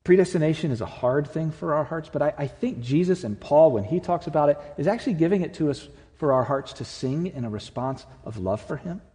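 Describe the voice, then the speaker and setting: A man preaching a sermon as pastor, earnest, swinging from loud to hushed. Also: on the high side, lively intonation, a little fast, hardly any pauses. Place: church sanctuary. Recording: long reverb of a church hall.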